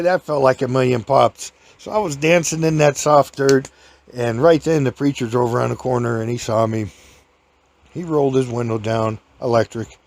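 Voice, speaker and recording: A man's voice: medium pitch, normal speed, gravelly, a little mellow. A man hosting a storytelling podcast, telling a rambling folksy anecdote and chuckling often.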